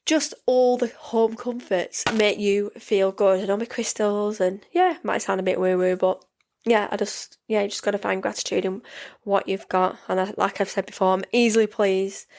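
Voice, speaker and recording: A woman's voice: mid-range voice, fairly even intonation, normal speed, a little mellow. A woman in her forties, hosting a casual solo podcast, chatting in a rambling way with many restarts, sleepy and yawning. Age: 40s. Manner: rambling, chatty, frequent restarts and "yeah" fillers. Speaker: podcast host.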